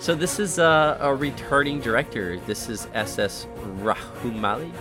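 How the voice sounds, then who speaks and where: A man's voice: medium pitch, expressive, quick pace, over music. A man hosting a podcast, chatting casually and rambling with frequent self-corrections. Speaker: podcast host. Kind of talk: casual chat.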